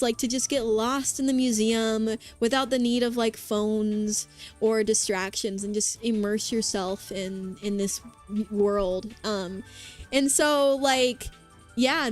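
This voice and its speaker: A bubbly woman streaming and chatting casually with her viewers, her voice pitched a little high. She rambles along with plenty of fillers and restarts, and quiet music plays underneath. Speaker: vtuber streamer. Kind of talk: casual chat with live chat. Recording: faint background music.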